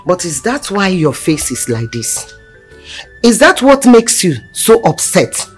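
Fragende nigerianische Mutter. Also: female voice, on the low side, sing-song, measured pace, husky, faint music behind, exaggerated voice. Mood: probing. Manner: questioning, teasing. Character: probing mother of the house.

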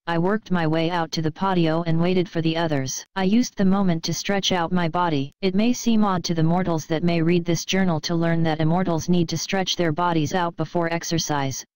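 Woman reading fan fiction, smooth and dry. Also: fairly low pitch, darkish tone, dry recording, low-quality recording. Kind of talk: reading fan fiction aloud on a live stream.

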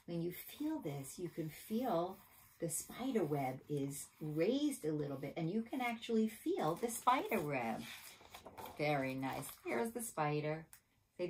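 A woman hosting a children's storytime, reading a picture book aloud in an animated, coaxing sing-song way. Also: on the low side.

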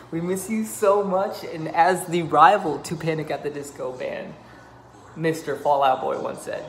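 Pleading theatrically for his friend to return home, this man uses a fairly high, fairly bright voice at a measured pace. The video message is jokingly over the top and trails off into laughs, recorded in an echoey room with slight background noise.

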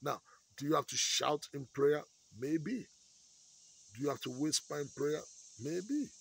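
A man's voice: on the high side, animated, a little slow, gravelly, breathy edge, poor audio. A man preaching a sermon as pastor, in a conversational way, often checking in with his listeners. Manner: conversational preaching with frequent "okay?" check-ins.

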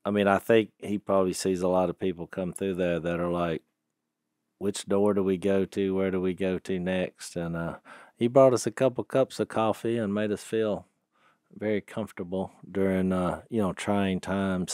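Middle-aged male co-host, low-pitched, teasing and rambling. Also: steady tone, normal speed, a little mellow, clear, resonant tone, no room sound, studio quality. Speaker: podcast co-host. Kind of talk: casual chat.

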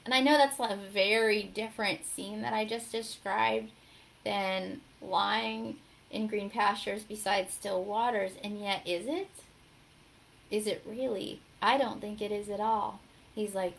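A woman hosting a casual devotional talk, telling her story in an animated way and acting out the voices in it. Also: medium pitch, unhurried, creaky, low-quality recording. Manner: animated storytelling, acts out quotes. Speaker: devotional host.

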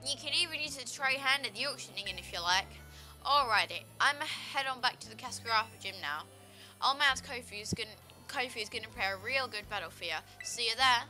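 A woman's voice: sits high, sing-song, fast, hardly any pauses, pushed and bright, soft background music, heavily acted. A woman putting on a folksy old man with an odd accent. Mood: hearty. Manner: hearty, drawling, calls the listener kid. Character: folksy old man gym leader, boastful seafood lover. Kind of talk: gameplay voice-over of game dialogue.

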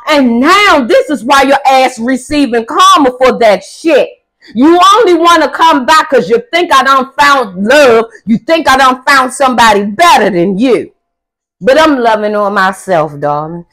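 A young adult woman doing a casual tarot reading, blunt, profane and sassy, with loud emphatic outbursts. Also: on the high side, poor audio. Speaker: tarot reader.

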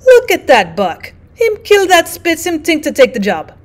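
A woman voicing a rough, excitable male sled-dog driver who speaks slow, loud broken English in an audiobook reading. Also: a little high. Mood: excited.

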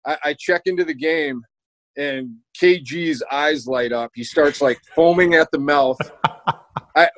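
A former basketball player telling an animated story and acting out what was said. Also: male voice, on the high side, a little slow, no echo, rough recording. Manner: animated, acts out quotes. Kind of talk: casual storytelling.

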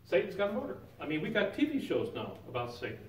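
Man, church Bible class teacher, fairly high voice, conversational, asks the class questions, roomy sanctuary echo, distant mic. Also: wildly swooping pitch, fast, a little hiss or hum. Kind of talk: informal Bible lesson.

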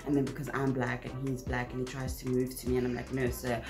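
A woman's voice: a bass voice, completely flat delivery, quick pace. A young woman from South Africa chatting casually through a Q&A vlog, full of "like" fillers. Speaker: YouTuber. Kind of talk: casual Q&A chat. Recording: echoey room with music behind.

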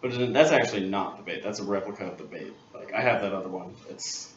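Low-voiced man telling a story in a roomy workshop. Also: quick pace. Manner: animated storyteller, acts out others' lines. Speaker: guest angler. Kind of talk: casual storytelling. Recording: roomy, dull, distant mic, faint hiss.

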